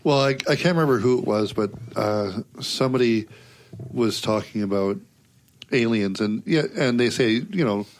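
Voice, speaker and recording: A man's voice: lowish voice, normal speed. A man co-hosting a podcast, reasoning through a point aloud in a dry, sarcastic way. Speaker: podcast co-host. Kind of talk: casual chat.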